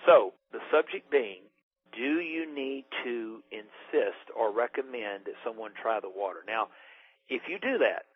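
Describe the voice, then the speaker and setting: A man's voice: medium pitch, expressive, measured pace, breathy edge, dry recording. A man from Alabama giving a rambling, folksy sales talk about his water business. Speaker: water ionizer distributor. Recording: tinny phone-line audio.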